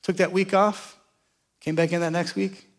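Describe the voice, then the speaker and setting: A man's voice: high voice, little pitch movement, normal speed, long reverb tail. A man preaching a sermon in a conversational way, asking the congregation questions as he explains scripture. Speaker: pastor.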